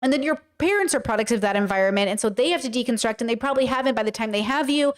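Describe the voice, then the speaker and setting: Woman, streamer, slightly high voice, blunt, emphatic, casual swearing, livestream commentary. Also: very fast.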